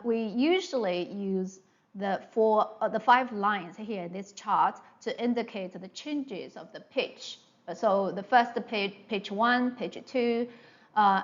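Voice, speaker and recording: A woman's voice: mid-range voice, lo-fi sound. A woman teaching a Mandarin pronunciation lesson, patient and repetitive, often checking in with "all right?" and drawing out sounds to demonstrate them. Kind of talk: slow online pronunciation lesson.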